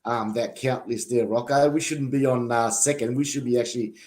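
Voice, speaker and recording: A man from Australia with an Australian accent, co-hosting a sports show and telling stories in casual, animated banter. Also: medium pitch, a little fast. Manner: animated storytelling, defensive. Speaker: podcast co-host.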